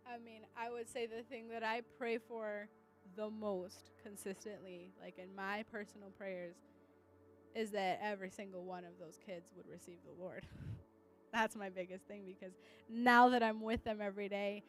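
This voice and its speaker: A young woman who teaches shares a chatty testimony about her students with a church audience, speaking at normal speed in a mid-range voice with fairly even intonation. Her talk leans on "like" and includes bits of Spanish.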